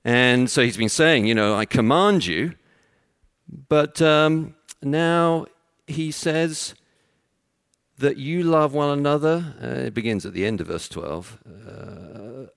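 A man's voice: mid-range voice, takes it slowly, vocal fry, a bit bright, clear, resonant tone, no room sound, studio quality. A man preaching an expository sermon, explaining his points in a teacherly way with everyday examples.

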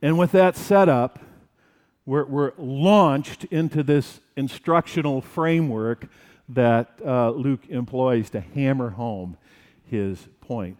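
A male pastor preaching a sermon in a church, animated and acting out the disciples' fright. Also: mid-range voice, slow, long reverb tail.

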